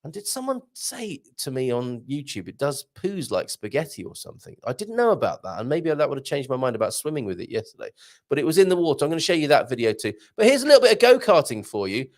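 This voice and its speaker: Here a medium-pitched male voice moves quickly with a sing-song lilt. He's running a casual morning live show, joking around while he reads viewer comments aloud and chats as on a laid-back stream.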